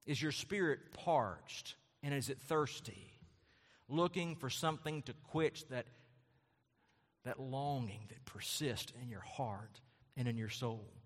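A man preaching a sermon as pastor, with impassioned delivery that repeats phrases and swells into loud, high-pitched emphasis. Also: expressive, slow. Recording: long hall reverb.

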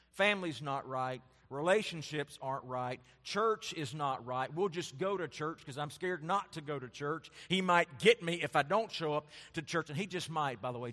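A man preaching a sermon as a pastor, building his points in rising, emphatic lists and then dropping his voice to soft, quiet asides. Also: a little high, big-room sound.

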